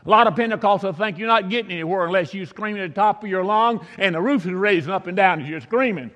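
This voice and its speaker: A man's voice: high voice, quick pace, fairly bright tone. A male Pentecostal pastor preaching a folksy, story-filled sermon, often repeating himself for emphasis. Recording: echoey church hall.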